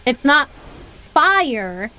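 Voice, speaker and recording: A woman's voice: high voice, very animated, extremely slow, pushed and bright, slight background noise. A young woman with an Appalachian accent, chatting casually and rambling while streaming a game, laughing often. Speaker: VTuber streamer.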